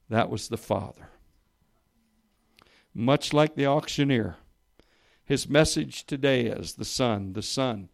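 A man preaching to a room of listeners, reading a story aloud and raising his voice for the quoted lines, then dropping low and soft for emphasis. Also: slow pace, creaky, long pauses. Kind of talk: sermon with a read-aloud story. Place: church or meeting room with listeners.

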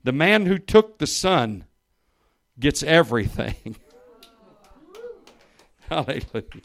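A man's voice: big pitch swings, slow. Man preaching, reading a story aloud. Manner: reads quoted voices louder and higher, drops soft and low for emphasis. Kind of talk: sermon with a read-aloud story. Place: church or meeting room with listeners.

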